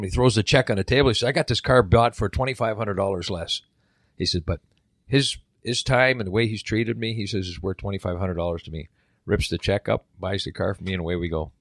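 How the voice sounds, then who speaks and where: A middle-aged man telling a story in a casual chat, animated and acting out the voices of the people in it. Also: fairly low pitch, fast talker, no room sound, studio quality. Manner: animated, acts out quoted voices. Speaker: guest.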